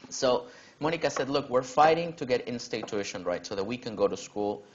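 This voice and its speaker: A young man giving a keynote talk, telling a personal story in a casual way, full of "you know" and lively quoted dialogue. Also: medium pitch, brisk, highs cut off. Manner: casual, animated when quoting others, frequent "you know". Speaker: keynote speaker.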